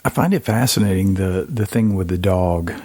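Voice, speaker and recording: Low-voiced man hosting an interview. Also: moderate pace, dark tone, dry recording. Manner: thoughtful, slightly hesitant, repeats words. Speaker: podcast host. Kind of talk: interview chat.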